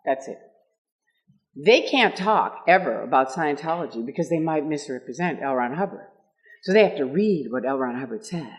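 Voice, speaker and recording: Lively woman in her sixties telling stories. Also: low voice, normal speed. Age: 60s. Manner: lively, laughing, acts out quotes. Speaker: ex-member speaking at a meetup. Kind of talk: animated storytelling talk.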